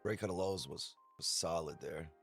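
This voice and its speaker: A man with a hoarse, nearly gone voice, chatting casually on a live trading stream and talking through chart levels in clipped, strained bursts. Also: deep voice, moderate pace, fairly bright tone, faint music behind. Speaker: day trader, stream regular. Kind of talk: casual chat while trading.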